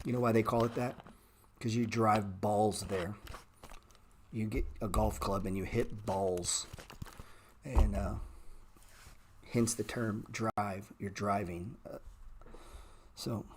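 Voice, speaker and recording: A middle-aged man hosting a stock trading livestream, talking bluntly and sarcastically with swearing, and jumping into animated, louder rants. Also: slow pace, pauses often, a little hiss or hum. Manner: animated rants that jump in pitch and volume. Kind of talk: casual livestream chat.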